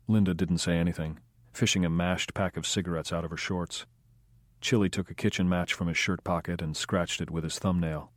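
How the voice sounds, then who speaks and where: A man reading an audiobook in measured scripted narration. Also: low-pitched, steady tone, no echo, clean studio sound.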